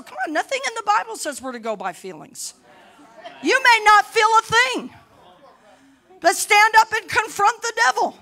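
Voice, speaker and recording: A middle-aged woman pastor preaching a sermon boldly, rising to shouts between laughing asides. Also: very high-pitched, very animated, moderate pace, vocal fry.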